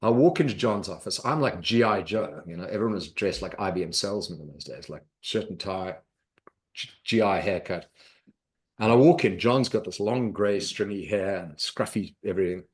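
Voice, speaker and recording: Brief: middle-aged man, low voice, animated storyteller on a podcast. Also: moderate pace. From South Africa. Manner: lively anecdotal storyteller, acts out quoted voices. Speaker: podcast guest, investor.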